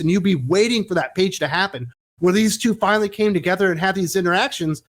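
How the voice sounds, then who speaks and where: A man hosting a casual opinion chat, talking in an emphatic, animated way. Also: high voice, fast. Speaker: podcast host.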